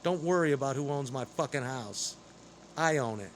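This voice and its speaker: A man's voice: mid-range voice, expressive, moderate pace, a little hiss or hum. A man delivering an angry, rambling, profane monologue straight to camera.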